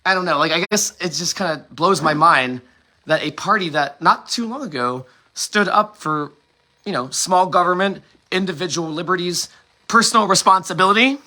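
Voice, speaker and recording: A man's voice: high voice, normal speed, sharp tone. A man from the United States hosting a solo monologue, impassioned and rambling, swearing often and restarting his sentences. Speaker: host.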